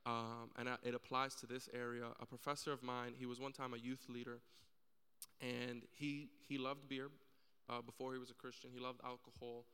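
A man's voice: medium pitch, little pitch movement, moderate pace, pushed and bright, smooth, long reverb tail. A man speaking earnestly on a church panel, telling stories and acting out the people in them. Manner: earnest storytelling, acts out quoted voices.

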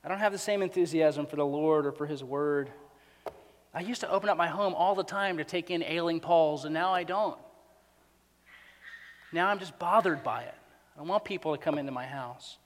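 A male pastor with a notably high voice delivers a sermon, swinging from hushed, intimate asides to loud, stacked exhortations. His words ring out with a long reverb from a large church hall. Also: moderate pace.

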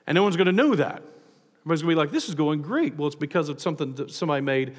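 A man preaching a sermon as a pastor, animated, with frequent restarts and acted-out quotes. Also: on the high side, big-room sound.

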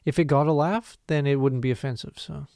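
A man's voice: on the high side, steady tone, gravelly, darkish tone, no room sound, clean studio sound. A man co-hosting a comedy podcast, firing back sarcastic comebacks in casual banter. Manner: quick sarcastic comebacks, frequent laughter. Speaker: podcast co-host.

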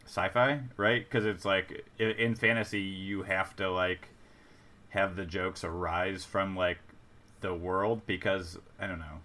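A man on a casual podcast who muses out loud in a measured way, often trailing off. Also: low-pitched, steady tone.

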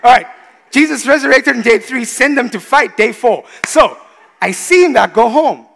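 A man in his thirties preaching a sermon, animated, swinging between quiet confiding asides and loud exclamations. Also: extremely high pitch, normal speed, vocal fry. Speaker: pastor. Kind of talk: sermon with storytelling. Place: church. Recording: reverberant church hall.

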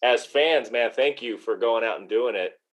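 A man hosting, asking a guest questions in a relaxed, conversational way. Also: mid-range voice, normal speed, low-quality recording. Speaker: host. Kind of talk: interview questions.

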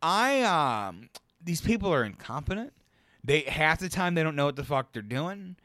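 A man's voice: on the high side, big pitch swings, normal speed, fairly bright tone, no room sound, clean studio sound. A man co-hosting a podcast, telling a work story in a loose, profane, rambling way, often cracking himself up. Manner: profane, rambling, laughs through stories. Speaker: podcast co-host. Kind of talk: casual storytelling chat.

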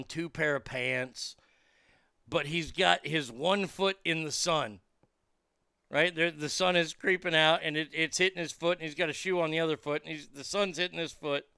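A man telling a profane, animated story in casual chat, with lots of fillers and restarts. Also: a little high, gravelly, smooth, no room sound, clean studio sound. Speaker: comedian and podcast guest.

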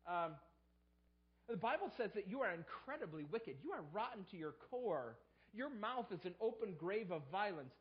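With a high-pitched voice and big pitch swings, a pastor preaches at normal speed on a recording with the highs cut off. He rises sharply into acted-out quotes whenever he voices people's excuses.

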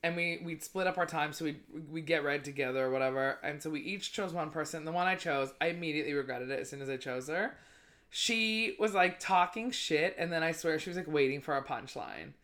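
A woman comedian chats casually on a podcast, giggling often and swearing freely. Her voice sits low but sounds bright and forceful. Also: fairly quick. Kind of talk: casual chat.

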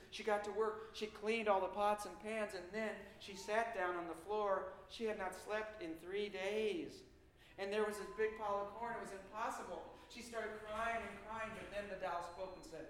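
A man telling a spooky folktale in an animated, suspenseful way with dramatic pauses. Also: high voice. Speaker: storyteller. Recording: echoey room with faint noise.

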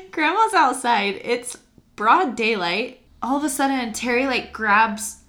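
A woman's voice: a little high, expressive, slow pace, bright, forceful tone. A young woman co-hosting a casual film podcast, chatty and laughing, with lots of "like". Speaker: podcast co-host.

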